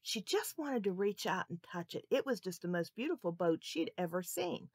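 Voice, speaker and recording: A woman telling a Bible story to children, expressive and asking her listeners questions. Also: lowish voice, normal speed, no echo, clean studio sound.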